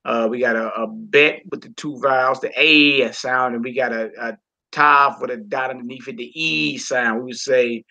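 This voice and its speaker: A man teaching a live-streamed Hebrew lesson casually, repeating words and drilling syllables slowly. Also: mid-range voice, fairly even intonation, gravelly, sharp tone, highs cut off.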